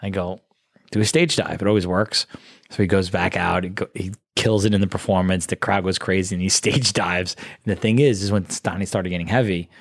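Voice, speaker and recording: Low-voiced man telling rambling stories. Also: brisk, hardly any pauses, dry recording, clean studio sound. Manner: rambling, animated anecdotes with acted quotes. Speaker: guest, live show producer. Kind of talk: casual storytelling.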